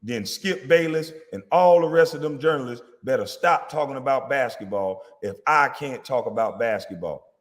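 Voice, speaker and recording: A man's voice: medium pitch, moderate pace, in a large hall. A man, a former basketball player, delivering a heated, profane, confrontational rant at a critic. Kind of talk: angry rant.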